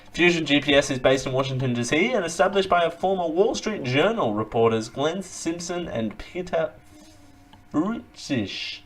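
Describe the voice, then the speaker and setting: Male host, mid-pitched, reads news with fumbles and wisecracks. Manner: stumbling, joking asides, frequent uh fillers. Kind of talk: casual news commentary read aloud.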